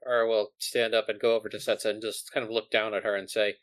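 A man playing a tabletop game, narrating his character's actions in a calm, matter-of-fact way. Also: fairly low pitch, quick pace, no room sound. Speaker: tabletop player.

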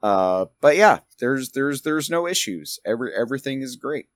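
A man's voice: mid-range voice, sing-song, moderate pace, dry recording. A man narrating as game master of a tabletop role-playing game, rambling with restarts. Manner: rambling, many fillers and restarts.

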